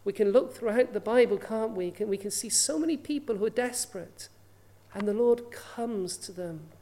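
Woman, preacher, sermon, earnest, rhetorical questions, mellow tone, mid pitch. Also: moderate pace.

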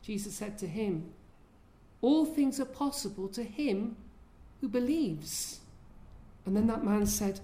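A woman's voice: mid-range voice, expressive, slow, pauses often, warm tone. A woman preaching a sermon in an earnest way, often asking her listeners questions.

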